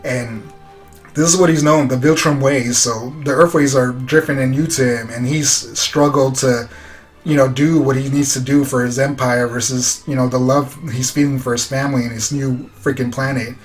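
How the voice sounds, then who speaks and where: Male reviewer, laid-back rambling recap, average pitch, soft music bed. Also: fairly even intonation, moderate pace. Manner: loose, filler-heavy retelling with quoted dialogue. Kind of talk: casual recap of a show episode.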